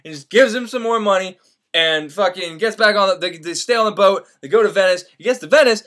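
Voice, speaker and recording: A man's voice: high-pitched, fairly quick, a bit bright. A man retelling a classic story in a casual, profane, rambling comedic style.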